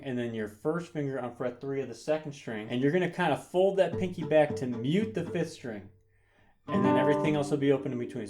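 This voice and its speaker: A man giving a guitar tutorial in an upbeat way, explaining chords and counting beats aloud while he strums. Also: a little high. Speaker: guitar teacher. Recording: guitar playing under the voice. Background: loud guitar.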